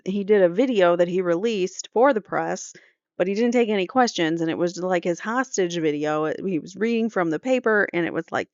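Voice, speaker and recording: A woman's voice: fairly low pitch, a little mellow, clean tone, no echo, muffled recording. A woman hosting a court channel, reading trial transcripts aloud and breaking off for opinionated, conversational commentary. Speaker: true crime court channel host.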